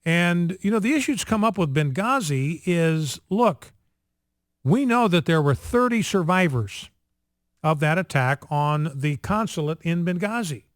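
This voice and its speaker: A man's voice: on the high side, lively intonation, a little slow, dry recording, clean studio sound. A male radio talk show host giving opinionated political commentary, with many fillers and restarts.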